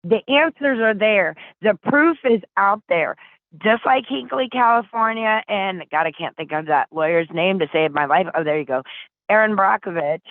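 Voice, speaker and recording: A woman's voice: mid-range voice, expressive, moderate pace, dry recording. Impassioned woman on a tinny phone line. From Flint, Michigan. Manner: emotional, urgent, pleading. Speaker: interview guest. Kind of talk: impassioned interview talk.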